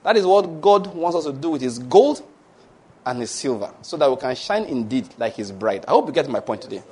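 A male pastor, preaching a lively sermon that ends in prayer and blessings. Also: mid-range voice, a little fast, husky. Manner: lively preaching, laughs at his own stories, call-and-response blessings.

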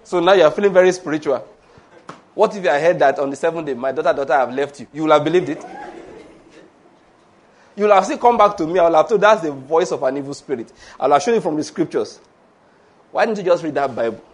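Husky high-voiced preacher. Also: male voice, fast talker, pauses often. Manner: lively, laughs often, acts out quoted voices. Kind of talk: sermon.

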